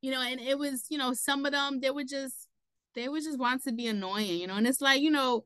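A young woman, speaking on the higher side with a bright, forceful tone. She tells her story in easy, animated talk, laughing often and filling gaps with "you know". The sound is dry and close, with little room. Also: brisk, clear, resonant tone, no room sound, low-quality recording. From New York City. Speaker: guest. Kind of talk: casual personal storytelling.

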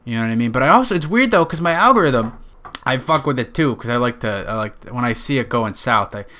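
A man's voice: mid-range voice, animated, quick pace, pushed and bright, slight background noise. A man with a nasal Western New York accent, hosting a podcast in a rambling, profane, jokey monologue. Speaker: podcast host.

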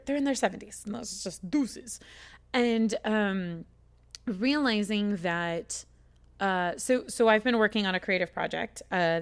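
A woman's voice: mid-range voice, fairly bright tone. A woman from the United States talking in a casual, rambling chat, swearing a lot and getting emotional as she tells her story.

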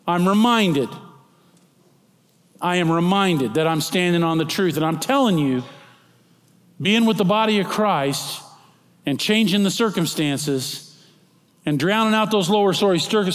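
A middle-aged male pastor preaching a sermon, moving between soft, slow passages and loud, emphatic proclaiming. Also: high voice, animated. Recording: long hall reverb.

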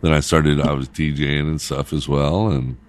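A man's voice: a bass voice, level tone, normal speed. A middle-aged man, a radio host and former DJ, telling loose stories in casual chat and laughing as he goes.

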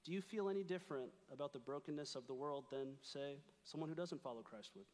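His voice is a little high and a little mellow, the pace quick, with a big-room sound. The young man, a campus ministry speaker, delivers an earnest, playful, sermon-like retreat talk and reads from scripture.

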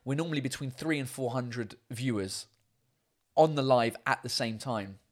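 Chatty guy hosting a live stream from home, lots of ums, swears a bit, normal-pitched voice. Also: normal speed. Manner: chatty and rambling with frequent fillers; excitable, swears casually. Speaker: live show host. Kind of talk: casual chat. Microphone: microphone.

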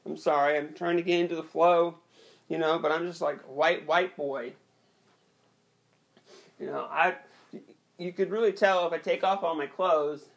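A young man performing an awkward, rambling stand-up set with a hesitant, deadpan delivery and many restarts. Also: fairly high pitch, normal speed, vocal fry, long pauses. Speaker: stand-up comedian.

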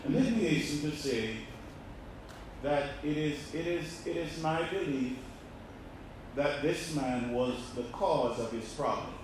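A male pastor preaching a sermon, asking the congregation rhetorical questions and swinging between loud and quiet. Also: a little high, a little slow, background noise. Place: church. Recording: echoey church hall, mic far off.

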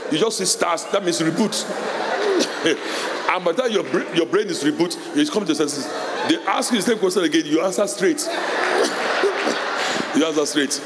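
A middle-aged man preaching a sermon as pastor, animated, laughing often and shouting in a high voice when quoting parents. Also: normal speed, over a noisy crowd, heavy background noise. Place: church hall. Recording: echoey hall with long reverb.

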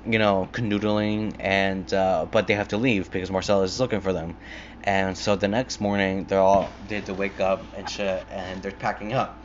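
A man's voice: lowish voice, lo-fi sound, slight background noise. Rambling, foul-mouthed young man. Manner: rambling, heavy swearing, many fillers and restarts. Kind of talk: casual retelling of a film.

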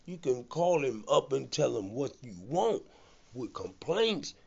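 A man's voice: mid-range voice, big pitch swings, measured pace, creaky, breathy edge. A man preaching on his podcast with fervent, repetitive, rhythmic delivery, in a lo-fi recording.

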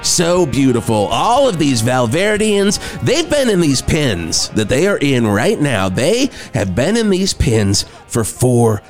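An actor playing a brash local TV party host who swears a lot and talks in a loud, excitable announcer manner. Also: male voice, mid-range voice, slow, hardly any pauses, faint music behind. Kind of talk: improvised comedy podcast.

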